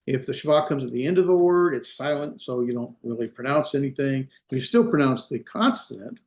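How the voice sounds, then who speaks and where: A man's voice: mid-range voice, animated, brisk, a little mellow, roomy sound. A man teaching an online class, explaining step by step with patient repetition and many fillers, heard over a video call. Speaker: Hebrew instructor.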